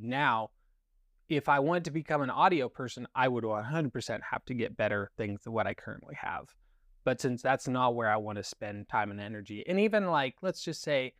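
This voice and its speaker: A man's voice: mid-range voice, fairly bright tone, no echo, studio quality. A man, a guest on a filmmaking podcast, talking casually and rambling with fillers and restarts. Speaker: guest, cinematographer and gaffer.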